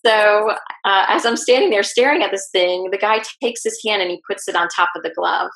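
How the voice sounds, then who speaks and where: A woman guest telling a personal story in an interview, lively and acting out what people said. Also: medium pitch, a little fast, gravelly. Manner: animated, acts out quoted speech. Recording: roomy echo.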